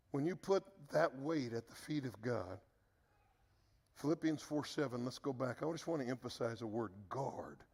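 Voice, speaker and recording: A middle-aged man preaching a sermon as pastor, earnest and repetitive, dropping low to stress key words. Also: gravelly, darkish tone, big-room sound.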